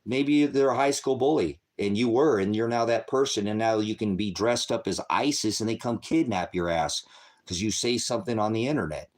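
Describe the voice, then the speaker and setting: A man's voice: on the low side, moderate pace, a little mellow. Middle-aged man ranting angrily, heavy profanity. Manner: angry, profane, rambling and accusatory. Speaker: host of a faith channel. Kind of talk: livestream rant to viewers.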